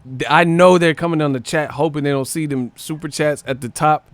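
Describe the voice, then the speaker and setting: A man's voice: a little high, steady tone, a little fast, dry recording. A man hosting a boxing live stream, joking and swearing casually and mimicking other people's voices.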